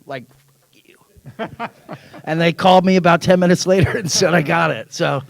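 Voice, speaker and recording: Middle-aged male panel guest, animated storyteller, dry close sound. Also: a little high, normal speed, creaky, no room sound. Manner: animated anecdote-telling, acts out quoted dialogue, laughs often. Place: convention panel room.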